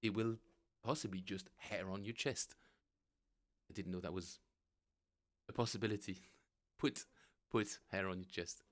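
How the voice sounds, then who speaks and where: A middle-aged man, a bassist, chatting casually to viewers on his live practice stream, rambling and correcting himself as he goes. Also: fairly even intonation, unhurried, pauses often. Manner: rambling and self-correcting, chuckling often.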